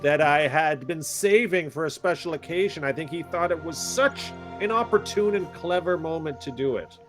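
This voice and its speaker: A man's voice: on the high side, moderate pace, fairly bright tone, faint music behind. A man playing a tabletop role-play character, talking in a bumbling, stammering, earnest way. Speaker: player.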